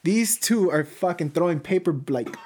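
A man's voice: high voice, normal speed. A man from Southern California telling a school story in casual, swear-heavy chat, laughing as he goes. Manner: animated, laughs through stories, heavy swearing.

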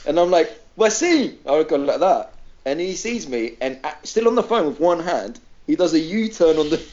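Man, podcast co-host, animated storyteller, lively pitch, dull lo-fi sound. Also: moderate pace. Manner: animated, acts out quoted voices, laughs often. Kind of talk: casual storytelling chat.

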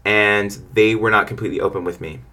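A man's voice: lowish voice, fairly even intonation, brisk, sharp tone. A young man who runs a lawn care business tells stories about clients and gives frank advice in a rambling way. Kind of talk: casual advice monologue.

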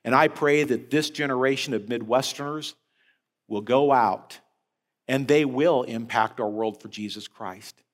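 A man preaching a sermon as head of a senior-care ministry, telling a story with animated rises and falls. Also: medium pitch, a little slow. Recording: long hall reverb.

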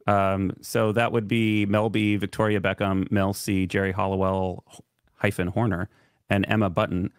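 A man's voice: lowish voice, level tone, normal speed, clean tone, no echo. A young man co-hosting a radio show, giving dry, laid-back replies and reading the news. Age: young adult. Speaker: co-host. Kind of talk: casual chat and news reading.

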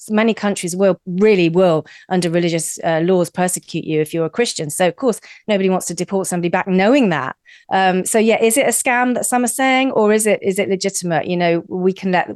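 An animated woman correspondent on a radio show, repeating words as she goes. Her voice sounds close and dry. She sits at an everyday middle pitch. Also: no room sound. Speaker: news correspondent. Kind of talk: live radio discussion.

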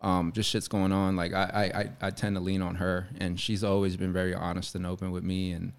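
A man's voice: low voice, fairly quick, clear, resonant tone. A young man from Florida, an actor, telling stories in casual chat and acting out the quoted lines. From Orlando, Florida. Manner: animated storyteller acting out quotes. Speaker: actor and guest.

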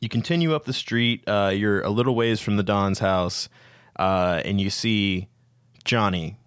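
A man's voice: fairly low pitch, unhurried, clean tone, dry recording, studio quality. A man narrating a tabletop game as game master, hesitant with many fillers.

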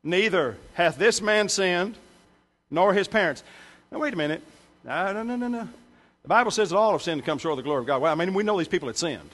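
Rapid-fire and animated, a slightly high-voiced male pastor preaches in a church sanctuary. He's emphatic, jokes with the congregation, and his voice jumps in volume for scripture and punchlines.

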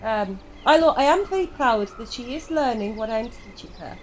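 A woman's voice: fairly high pitch, animated, normal speed, a little hiss or hum, close to an everyday voice, low-quality recording. A woman playing a chatty Liverpool-accented mentor. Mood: concerned. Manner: rambling, hesitant, giggly. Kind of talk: in-character tabletop role-play.

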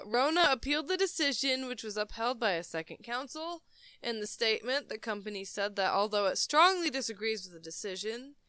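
A woman's voice: mid-range voice, pushed and bright, smooth, no echo. A woman co-hosting a casual podcast, reading a news article aloud and breaking off with jokes and giggles.

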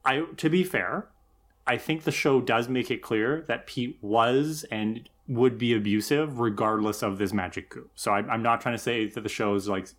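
A man's voice: medium pitch, normal speed, fairly bright tone. A man co-hosting a podcast, giving thoughtful, analytical commentary on an episode. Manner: thoughtful, analytical, some restarts. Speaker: podcast co-host. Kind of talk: casual critical discussion.

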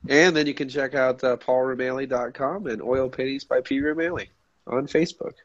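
A man's voice: mid-range voice, fairly even intonation, brisk, no room sound. A man co-hosting a film podcast, chatting in a blunt, joking way. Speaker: podcast co-host. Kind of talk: casual podcast chat. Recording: dry, dull lo-fi sound.

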